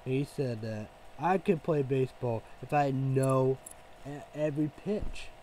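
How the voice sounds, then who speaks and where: Male vlogger, loose profane ramble, filler-heavy, mid-pitched voice. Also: a little slow, dark tone, slight background noise, low-quality recording. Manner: rambling, profane, full of "you know" fillers. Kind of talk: casual rambling rant.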